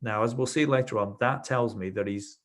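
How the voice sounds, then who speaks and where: A man's voice: medium pitch, brisk. A man teaching a webinar as a trainer, explaining his ideas through anecdotes from his sessions, with frequent restarts. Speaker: NLP trainer. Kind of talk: webinar lecture.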